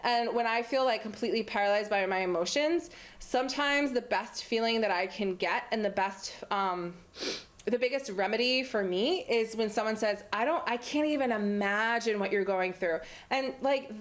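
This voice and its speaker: A young woman hosting a community TV talk show, talking on her own in a playful, chatty way with many fillers. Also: mid-range voice. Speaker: host. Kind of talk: solo talk-show monologue. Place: community TV studio.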